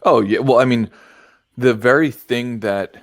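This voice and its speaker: A man hosting a podcast, explaining ideas step by step in a measured, conversational way. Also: medium pitch, no echo, clean studio sound. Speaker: podcast host. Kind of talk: casual conversation.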